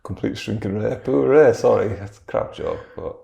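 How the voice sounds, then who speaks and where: A man's voice: lowish voice, lively intonation, moderate pace, vocal fry, dark tone, lo-fi sound. A man co-hosting an improvised comedy podcast, making dry jokes. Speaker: podcast co-host.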